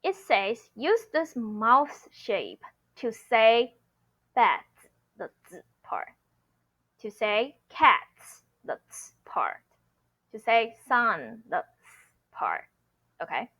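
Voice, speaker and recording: Slow, lively woman teaching pronunciation. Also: on the high side. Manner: patient, repeats sounds slowly, checks with "okay?". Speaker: Mandarin teacher. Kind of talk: online pronunciation lesson.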